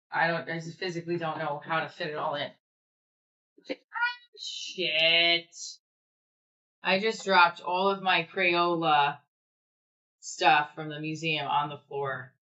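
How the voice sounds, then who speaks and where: A woman's voice: low-pitched, a bit bright, highs cut off. A young woman rambling casually through a home livestream, chatting and answering comments with the odd swear word. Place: room at home.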